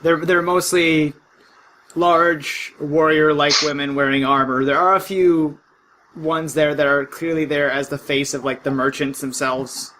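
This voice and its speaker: Man running a tabletop game, slightly high voice, joking and relaxed, faint hiss. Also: measured pace, rough recording. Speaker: game master.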